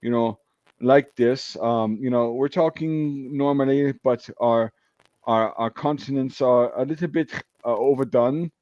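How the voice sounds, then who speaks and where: A man's voice: medium pitch, measured pace, dry recording, muffled recording. An American man hosting a casual chat, rambling with lots of fillers and some swearing. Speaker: podcast host.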